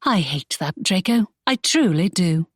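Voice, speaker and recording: A woman's voice: fairly low pitch, lively intonation, unhurried, breathy edge, no echo, clean studio sound. A woman reading an audiobook, voicing a spirited young woman who protests in exasperation. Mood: indignant. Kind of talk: audiobook character voice.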